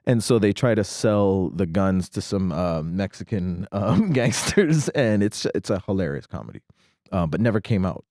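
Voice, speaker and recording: Brief: middle-aged man, low voice with a lively lilt, jokey guest storyteller. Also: normal speed, no room sound, studio quality. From Barbados. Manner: animated, laughs often, jokey. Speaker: podcast guest. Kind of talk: casual storytelling chat.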